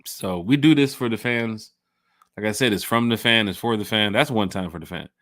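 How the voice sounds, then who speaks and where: A man co-hosting a casual sports fan podcast, hyped and slangy, shouting out viewers in the chat. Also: on the low side, normal speed, dry recording. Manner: animated, hype, slangy, reads chat shout-outs. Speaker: podcast co-host.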